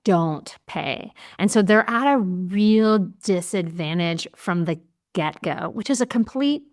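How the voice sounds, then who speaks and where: A woman hosting a podcast, telling stories in a candid, animated way and swearing casually. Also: fairly low pitch, slow pace. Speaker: podcast host. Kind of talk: casual conversational interview.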